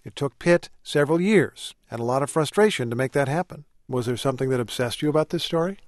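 A man hosting an interview at a middle pitch, measured and articulate in his questions. His voice sounds dry and close. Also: expressive, no echo. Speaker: interview host. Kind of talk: radio interview.

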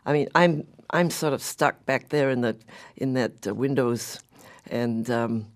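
A man's voice: mid-range voice, a little slow. A man hosting an interview, asking questions in a friendly, chatty way. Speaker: interviewer, host. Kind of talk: casual interview conversation.

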